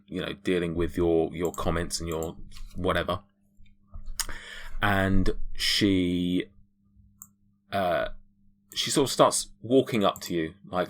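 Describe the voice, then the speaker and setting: A man narrating a tabletop game as game master, hesitant and full of restarts. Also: deep voice.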